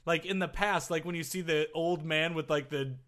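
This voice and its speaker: A man co-hosting a casual comedy podcast, goofy and quick to play around. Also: fairly high pitch, steady tone. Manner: goofy, breaks into silly voices and shouts. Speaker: podcast co-host.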